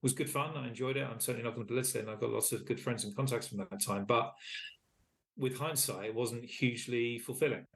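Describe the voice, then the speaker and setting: A man's voice: mid-range voice, fast talker, vocal fry. A man in his fifties, a charity chief executive, giving articulate and reflective interview answers. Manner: articulate and reflective, with frequent "you know" fillers.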